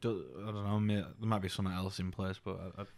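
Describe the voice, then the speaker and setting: A young man co-hosting a podcast, swearing often and telling stories in a casual, animated way with mocking put-on voices. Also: low-pitched, fast talker. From United Kingdom. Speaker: podcast co-host. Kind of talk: casual chat.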